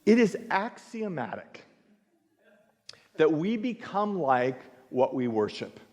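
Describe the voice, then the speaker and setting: A male pastor preaching a sermon, telling a story with lively acted-out dialogue. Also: on the high side, takes it slowly. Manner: animated storytelling, acts out dialogue. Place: church sanctuary. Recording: reverberant church sanctuary.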